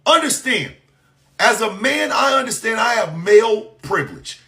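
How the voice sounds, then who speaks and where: A man delivering an impassioned, profane monologue, shouting in bursts and firing off mocking rhetorical questions. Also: high-pitched, very animated, normal speed, vocal fry.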